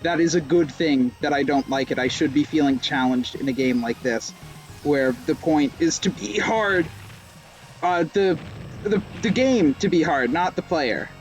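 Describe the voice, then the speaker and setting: A young male streamer talks through a racing game in a slightly high voice. He rambles, mocks himself and lets out sudden yelps, with faint game music in the background. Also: animated, measured pace. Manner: rambling, self-mocking jokes, sudden yelps. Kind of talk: live gameplay commentary.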